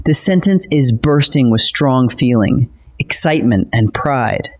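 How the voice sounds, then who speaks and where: A teacher narrating a scripted grammar lesson in a measured, explanatory way. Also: medium pitch. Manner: measured, explanatory, lively intonation.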